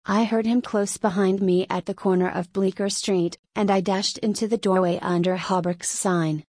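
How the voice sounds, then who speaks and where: A woman narrating a dark literary tale in the first person, giving a dramatic reading. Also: medium pitch, steady tone, moderate pace, no room sound. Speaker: audiobook narrator.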